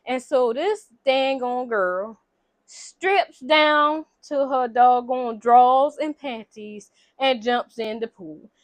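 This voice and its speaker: A woman casually retelling a movie plot in slangy, animated storytelling, acting out the characters' lines. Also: sits high, slow pace, no room sound. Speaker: vlogger recapping a movie.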